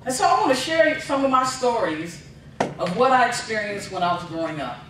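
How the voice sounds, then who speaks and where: A man giving a humorous contest speech, telling family stories with punchlines in an animated storytelling manner, heard from afar in a large hall. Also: high voice, fairly quick, noisy background. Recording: echoey hall, from far off.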